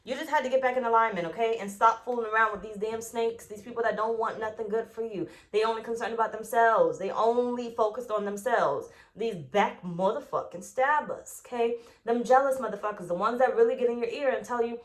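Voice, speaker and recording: A woman's voice: on the high side, fairly quick. A woman giving a tarot reading, blunt and profane, who drives her points home by repeating them. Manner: acts out quoted voices. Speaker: tarot reader.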